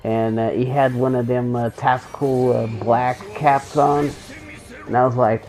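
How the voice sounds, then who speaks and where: A man's voice: mid-range voice, level tone, measured pace, a little mellow, soft background music, rough recording. A man streaming a game and telling rambling, joking anecdotes in a loose, profane, casual way. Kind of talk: casual storytelling while gaming.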